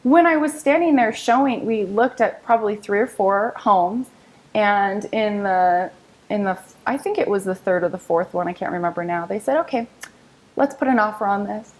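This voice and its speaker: Woman real estate agent being interviewed, chatty storyteller, regular mid pitch. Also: normal speed, low-quality recording. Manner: upbeat, storytelling, quotes others in lively voices. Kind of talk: interview conversation.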